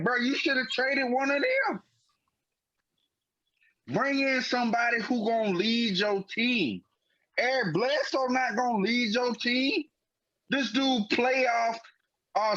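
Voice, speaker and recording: A man co-hosting a sports podcast, arguing emphatically in casual slang. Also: high-pitched. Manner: animated, emphatic, heavy slang. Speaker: podcast co-host. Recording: dull lo-fi podcast audio.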